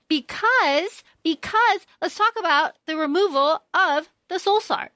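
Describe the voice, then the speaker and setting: A young woman co-hosting a podcast, chatting casually about a story, blunt and quick to swear while acting out characters' lines. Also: very high-pitched, lively intonation, bright, forceful tone, no echo, studio quality. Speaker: podcast co-host. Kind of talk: casual fan discussion.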